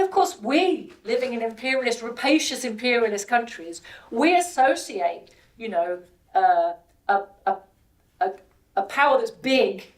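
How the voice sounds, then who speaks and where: A woman's voice: on the high side, far from the mic, poor audio. A British woman speaking as the guest at an event, making her points with rhetorical questions and words repeated for stress. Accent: British English. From Britain. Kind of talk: public speech.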